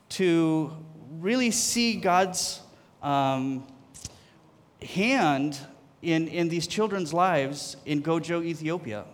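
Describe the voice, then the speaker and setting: A man's voice: a little high, in a large hall. A man sharing a personal testimony in a church, telling his story and acting out the conversations in it.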